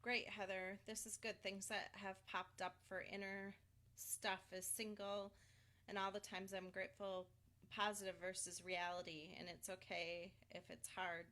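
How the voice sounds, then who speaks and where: A woman coaching a live guided tapping session, talking listeners through slow breaths and phrases to repeat after her. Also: mid-range voice, little pitch movement, pushed and bright.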